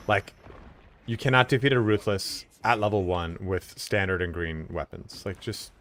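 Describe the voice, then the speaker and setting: A man's voice: fairly low pitch, brisk, a bit bright. A man chatting casually and joking crudely while streaming a game, thanking subscribers. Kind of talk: casual live-stream chat while gaming.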